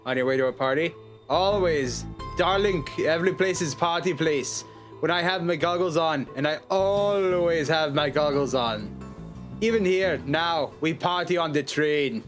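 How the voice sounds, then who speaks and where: A man voicing a laid-back party guy in a game, slow and drawling. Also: on the high side, soft background music, lightly acted.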